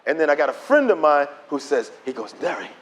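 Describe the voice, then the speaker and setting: A middle-aged man giving his testimony as a preacher, telling the story in an animated way and acting out the dialogue. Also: a little high, a little fast, slight background noise. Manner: animated storytelling, acts out dialogue in quoted voices. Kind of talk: preached testimony to a conference audience.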